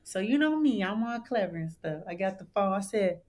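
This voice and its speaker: A woman from Michigan tells her story with a lot of energy, jumping into high squeaky voices whenever she quotes someone. Her pitch swings a lot and her delivery stays expressive and animated. She talks like a guest chatting with an interviewer. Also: fairly quick, few pauses. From Saginaw, Michigan, USA. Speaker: guest, gospel singer.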